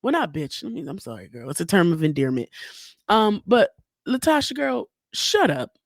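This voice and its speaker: A woman's voice: lowish voice, very animated, fairly quick, no room sound, studio quality. A woman hosting a podcast alone, giving blunt, heated and profane commentary with many asides. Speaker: podcast host. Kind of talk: solo opinion commentary.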